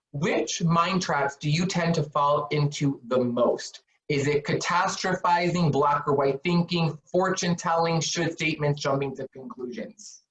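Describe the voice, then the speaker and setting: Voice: mid-range voice, recorded from a distance. A counselor leads a live online session, speaking in an earnest, encouraging way and asking the audience plenty of rhetorical questions. The voice sits a bit back from the microphone in an echoey room. The computer-mic audio sounds muffled and dull. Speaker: webinar presenter on mental health. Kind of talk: live webinar talk.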